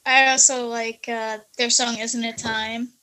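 A woman from Russia, chatting as a podcast guest, enthusiastic and quick to laugh. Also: fairly high pitch, level tone, pushed and bright, poor audio. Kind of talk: casual podcast chat.

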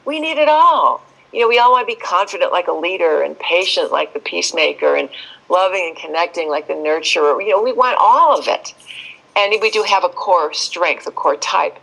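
A woman speaking as an expert guest in a podcast interview, telling stories with lively shifts and acting out quoted voices. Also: fairly low pitch, brisk, creaky, low-quality recording.

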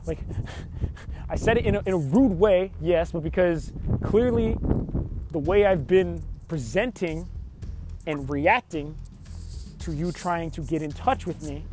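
Young guy, pretty high voice, venting a story, swears a lot, says like constantly, quiet music in the back. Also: expressive, a little slow. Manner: rambling, frustrated, swears often, heavy use of "like". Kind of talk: casual storytime monologue.

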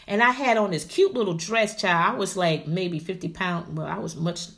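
A middle-aged woman vlogger telling a story to her viewers in a chatty, animated way, often calling them honey and y'all, going from loud bursts to hushed asides. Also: lowish voice, normal speed, vocal fry.

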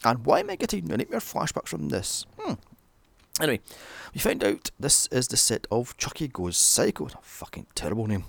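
A man's voice: medium pitch, huge pitch swings, moderate pace, gravelly, no echo. A British man recapping a horror film with sarcastic, profane asides. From Britain. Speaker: film reviewer. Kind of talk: sweary comedic movie recap.

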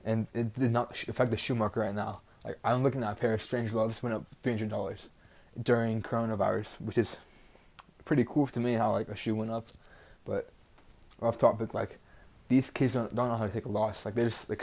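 Flat-voiced teenage boy ranting. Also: lowish voice, fairly quick. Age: teens. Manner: rambling, heavy use of "like", frustrated and blunt. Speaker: podcast host. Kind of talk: casual solo podcast rant.

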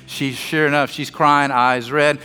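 A man's voice: a little high, flat delivery, measured pace, pushed and bright, clear, resonant tone, long reverb tail. A man preaching a sermon as pastor, telling a family story with joking asides and acting out the dialogue.

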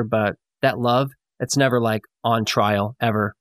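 A man's voice: medium pitch, steady tone, unhurried, few pauses, fairly bright tone, no room sound, clean studio sound. A man hosting a podcast interview, talking in a reflective, affirming way with many fillers. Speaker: podcast host.

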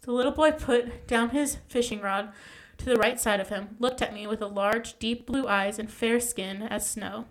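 A woman's voice: fairly high pitch, steady tone, moderate pace, hardly any pauses. A young woman casually reading a ghost story aloud, stumbling and correcting herself as she goes.

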